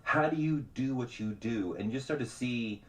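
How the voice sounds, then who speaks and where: A middle-aged man telling stories as a guest on a radio show, animated and quick to act out the people he quotes. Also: mid-range voice. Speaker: podcast host and journalist guest. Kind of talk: radio interview conversation.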